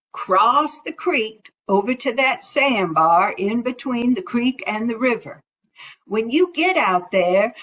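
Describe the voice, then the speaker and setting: A sly, folksy male rabbit trickster, as a woman storyteller puts him on, drawling his schemes in a high, bright voice. The recording sounds dull and lo-fi. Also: heavily acted.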